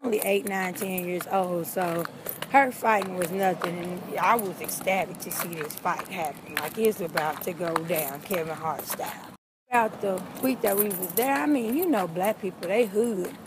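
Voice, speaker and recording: A young woman in an animated, comic telling of a childhood story, talking straight to her listeners. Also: on the low side, moderate pace, noisy background. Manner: animated, talks straight to the audience.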